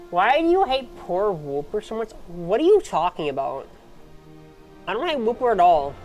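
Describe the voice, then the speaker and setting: A woman streamer in casual chat with her viewers, playful and dramatic, dropping to whispers and then bursting out loud. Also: medium pitch. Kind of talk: casual chat answering chat questions.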